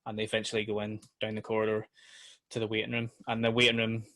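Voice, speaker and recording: Northern Irish male podcast co-host, bright edge, sweary and excitable. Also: on the low side, quick pace. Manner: swears a lot, enthusiastic. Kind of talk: casual chat.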